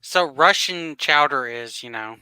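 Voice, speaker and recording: A man's voice: fairly high pitch, animated, unhurried, sharp tone, smooth, no echo. A man co-hosting a casual online stream, jumping in with teasing questions. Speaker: stream co-host. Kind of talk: casual chat.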